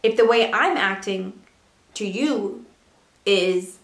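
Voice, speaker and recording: A woman's voice: medium pitch, lively intonation, slow. A young woman vlogging to camera in a casual, earnest way, full of rhetorical questions. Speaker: beauty and lifestyle vlogger. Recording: echoey room.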